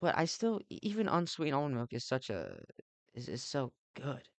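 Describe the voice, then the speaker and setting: Young guy with a gravelly voice doing a rambly sweary comedy bit over a game, dry close mic. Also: mid-range voice, huge pitch swings, normal speed, no room sound. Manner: meandering, ironic, sweary, lots of fillers. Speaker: let's play host.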